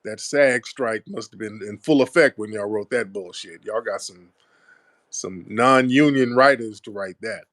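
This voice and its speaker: A man's voice: lowish voice, measured pace, fairly bright tone, dry recording. A man hosting a call-in talk show, laughing and cursing as he mocks what he talks about. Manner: laughing, profane, mocking. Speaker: show host.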